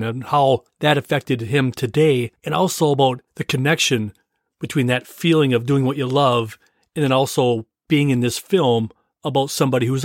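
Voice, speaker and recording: A man's voice: mid-range voice, no room sound, clean studio sound. A man hosting a show, introducing interviews and film clips in a chatty, enthusiastic way. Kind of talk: casual presenting.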